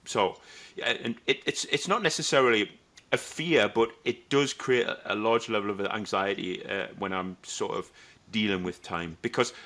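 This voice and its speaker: Earnest man, bright tense voice. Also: fairly low pitch, normal speed. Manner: earnest, hesitant, self-questioning. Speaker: podcast co-host. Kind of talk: casual chat.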